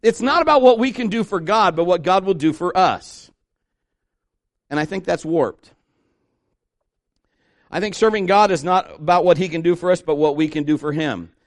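A man delivering a relaxed, conversational sermon in a slightly higher-than-usual voice. He preaches through folksy stories and keeps throwing rhetorical questions at his listeners. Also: normal speed, long pauses.

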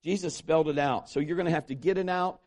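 Animated high-voiced preacher man. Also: fast. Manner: animated storytelling preacher, acts out quoted voices. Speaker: pastor. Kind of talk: sermon.

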